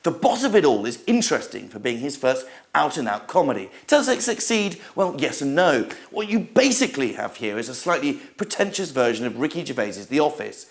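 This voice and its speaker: A man's voice: mid-range voice, sing-song, fairly quick, few pauses. A man hosting a comic film and snack review, speaking in a theatrical, mock-grand manner. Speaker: host and reviewer.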